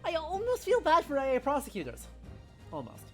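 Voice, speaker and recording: Wry, lively woman streamer. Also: high-pitched, a little fast, soft background music. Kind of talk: casual game playthrough commentary.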